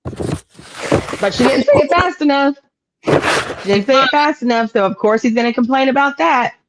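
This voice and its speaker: A woman's voice: high-pitched, very animated, moderate pace, slight background noise. A woman from the United States co-hosting a casual recap chat, chatty and agreeable, backing up the other host. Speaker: podcast co-host. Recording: dull lo-fi call audio.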